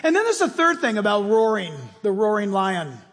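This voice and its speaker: Casting: high-pitched, husky male preacher, lively storyteller, long hall reverb. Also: normal speed. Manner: animated storytelling, acting out scenes. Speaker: pastor. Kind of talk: sermon.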